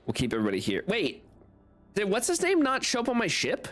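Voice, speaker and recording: Excitable young man streaming a game. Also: high-pitched, fast talker, soft background music. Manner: excitable, laughing, swearing. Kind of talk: live gameplay commentary and reading.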